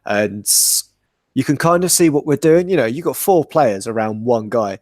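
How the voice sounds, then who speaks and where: A man's voice: medium pitch, expressive, normal speed, darkish tone, no room sound, studio quality. A man on a casual podcast, talking things through in an analytical, explanatory way. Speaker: podcast co-host.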